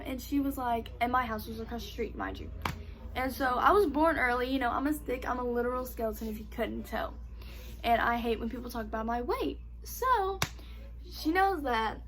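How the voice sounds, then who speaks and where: A young woman telling a casual storytime vlog, animated, swearing freely and saying "like" constantly. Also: a little high, moderate pace. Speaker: vlogger.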